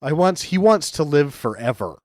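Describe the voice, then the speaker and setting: A man's voice: a little high, big pitch swings, moderate pace, darkish tone, no room sound, studio quality. A man co-hosting a podcast, arguing about plot holes in an amused, casual way. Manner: picks apart the plot, argumentative and amused. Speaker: podcast co-host. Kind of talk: casual chat riffing on a bad movie.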